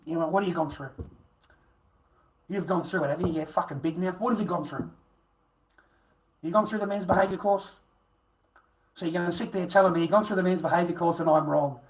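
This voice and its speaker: A man's voice: high voice, fairly even intonation, brisk, long pauses, poor audio. A middle-aged man ranting crudely on a livestream, swearing constantly and taunting viewers. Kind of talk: profane livestream rant.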